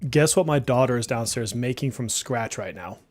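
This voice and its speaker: A man with a faint Boston accent, co-hosting a casual podcast, relaxed and chatty with lots of fillers. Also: medium pitch, moderate pace, faint music behind. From New Jersey and Massachusetts, US. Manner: relaxed, chatty, laughs often, many likes. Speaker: podcast co-host.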